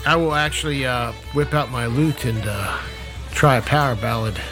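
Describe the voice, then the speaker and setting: A man's voice: medium pitch, normal speed, over music. A man playing a tabletop game, casual, profane and bemused. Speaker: player.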